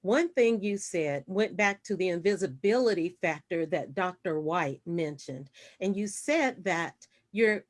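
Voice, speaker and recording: A woman's voice: on the low side, animated, measured pace, few pauses. A woman moderating a panel discussion, attentive and affirming as she responds.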